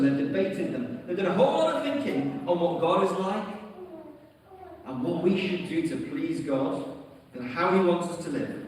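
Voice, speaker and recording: A man's voice: high-pitched, a little hiss or hum. A man with a British accent preaching a sermon, telling stories with light humour. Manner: storytelling, lightly humorous. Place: large church hall. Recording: echoey hall from far off.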